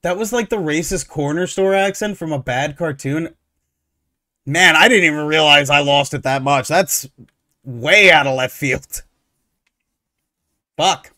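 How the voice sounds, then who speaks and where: A man hosting casual reaction commentary, ranting in an animated, sarcastic, opinionated way. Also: on the high side, unhurried, long pauses, no echo, studio quality. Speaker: streamer reacting to online posts.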